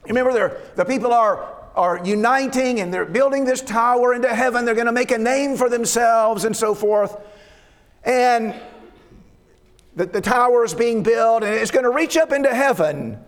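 A man's voice: extremely high pitch, normal speed. A man preaching a sermon, reading verses aloud and explaining them in an earnest way, often repeating his words. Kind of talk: sermon on Scripture. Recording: long reverb of a hall.

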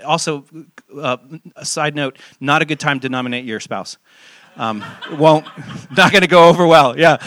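A young man, a pastor, giving a relaxed, joking sermon with lots of fillers and restarts, asking the congregation questions. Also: fairly high pitch, a little fast, dry recording. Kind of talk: casual sermon with audience interaction. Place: church hall. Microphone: handheld mic.

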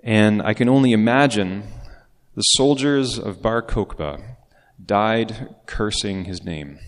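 A man preaching a sermon as pastor, in a conversational way with casual asides. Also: lowish voice. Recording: long reverb of a large hall.

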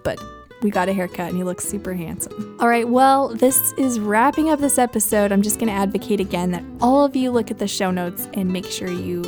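Chatty mom podcaster with a mellow voice. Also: female voice, medium pitch, fairly quick, soft background music. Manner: chatty, laughs often, warm storytelling. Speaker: podcast host. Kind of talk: casual solo podcast chat.

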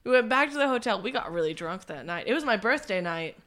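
A woman's voice: mid-range voice, animated, fast talker, fairly bright tone. A young woman, a podcast co-host, telling a story in casual chat, acting out quotes and swearing freely.

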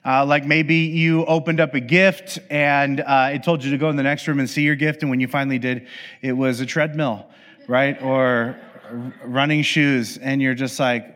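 A man's voice: mid-range voice, fairly even intonation, moderate pace, fairly bright tone, in a large hall. A man giving a sermon as pastor, in a conversational, playful way, acting out the voices of the people in his examples.

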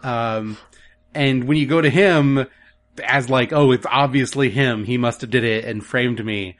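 Man, podcast co-host, casual chat, wry, quick recap, mid-pitched voice. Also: fairly bright tone.

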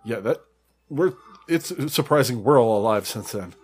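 A man's voice: medium pitch, expressive, normal speed, breathy edge. A man co-hosting a casual talk show, teasing and sarcastic, swearing freely. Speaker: podcast co-host. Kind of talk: crude casual banter.

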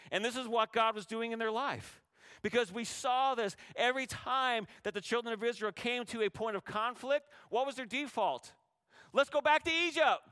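Bright-voiced man preaching a sermon. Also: high-pitched, clear, resonant tone, dry recording, studio quality. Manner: preaching with rhetorical questions to a congregation; acts out biblical speakers in raised voice. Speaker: pastor.

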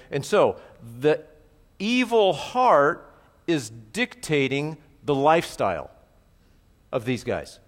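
A man's voice: medium pitch, big-room sound. A middle-aged man preaching an expository sermon as pastor, talking conversationally with asides and frequent check-ins with his listeners.

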